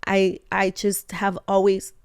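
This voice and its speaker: A young adult woman telling a personal story in an animated way to her husband, laughing often and acting out the lines she quotes. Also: mid-range voice, slow pace, smooth, no room sound, clean studio sound. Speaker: co-host of a couple's talk show.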